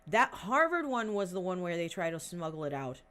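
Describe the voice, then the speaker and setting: A woman's voice: on the low side, very animated, normal speed, fairly bright tone. A woman in her twenties chatting on a livestream. She rambles bluntly, swears, and makes sarcastic asides while searching for things aloud. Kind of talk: casual livestream chat.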